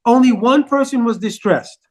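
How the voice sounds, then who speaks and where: A man giving a devotional storytelling talk, animated and asking his audience questions as he goes. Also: extremely high pitch, moderate pace. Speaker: devotional speaker.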